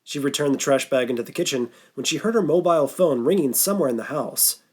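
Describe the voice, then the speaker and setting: A man narrating a horror novel audiobook in a steady, measured voice. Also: mid-range voice, husky. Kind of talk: scripted narration.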